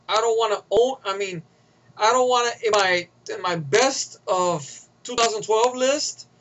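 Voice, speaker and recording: A man's voice: very high-pitched, fairly bright tone, slight background noise, poor audio. A young man giving a rambling, profane, sarcastic movie review in a casual rant.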